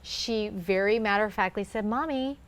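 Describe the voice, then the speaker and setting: A woman in her thirties tells a personal testimony to an interviewer, speaking earnestly and slipping into other people's words as she recounts them. Her voice sits at an ordinary middle pitch for a woman, and she unfolds the story at a conversational pace. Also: normal speed. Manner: earnest storytelling, often acting out what others said. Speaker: guest telling a family story.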